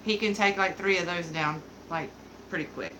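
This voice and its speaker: A woman's voice: fairly low pitch, moderate pace, background noise. A woman hosting a casual home livestream, chatting and giggling as she reads viewer comments and talks to her dog. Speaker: livestream beauty host.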